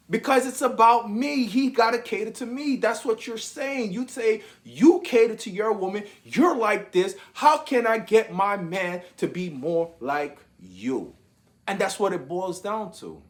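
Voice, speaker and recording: A man's voice: high voice, animated, unhurried. A man giving a monologue of opinion commentary, drawn out and repeating words as he searches for his point.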